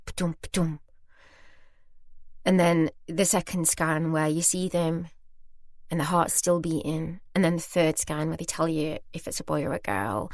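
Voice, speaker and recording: This is a British woman in her thirties hosting a podcast, speaking British English. She tells a personal story in a chatty, candid, self-deprecating way, her voice fairly low and recorded in studio quality with no echo.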